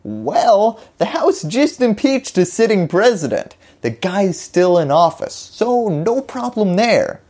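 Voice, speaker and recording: A woman's voice: medium pitch, big pitch swings, slow, few pauses, dark tone, husky. A woman hosting a scripted political explainer, delivering it with wry, jokey asides.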